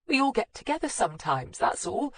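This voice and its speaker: A woman reading an audiobook, voicing a nervous middle-aged wife who squeaks and wails as she pleads. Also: expressive, moderate pace, no echo. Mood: helpless. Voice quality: squeaky, wailing.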